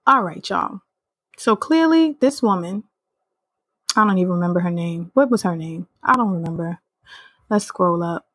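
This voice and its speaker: A woman hosting a podcast, giving sassy, animated casual commentary while reading an article aloud and calling her listeners "sis.". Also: lowish voice, normal speed, long pauses, dry recording. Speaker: podcast host.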